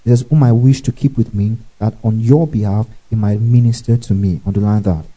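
With a fairly low, dark voice, speaking a little fast over poor audio, a male pastor gives Bible teaching. He spells words letter by letter and often pauses to ask "okay" or exclaim "praise the Lord" to keep listeners with him.

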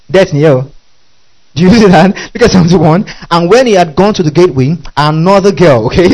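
A man preaches with a high-pitched voice. He is animated, keeps asking his listeners questions, and chuckles between phrases. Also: poor audio. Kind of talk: sermon.

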